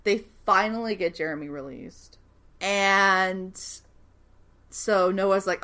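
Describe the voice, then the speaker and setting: A young woman casually recapping a TV episode, animated and swearing freely as she acts out the characters' lines. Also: medium pitch, takes it slowly. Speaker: podcast co-host recapping a TV show. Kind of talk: casual chat.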